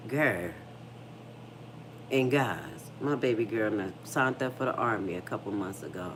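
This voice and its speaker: On a relaxed livestream, a middle-aged host from the United States talks frankly, with lots of cursing. She has a low-pitched voice and an animated storytelling style, and a soft hum of noise runs beneath her.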